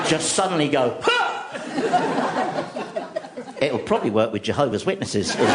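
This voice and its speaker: A man tells comic stories for a radio show in a wry, deadpan manner. His pitch moves about in a lively way as he talks. A steady background noise runs under the recording. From London, England. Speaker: comedy host. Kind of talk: stand-up comedy monologue on radio.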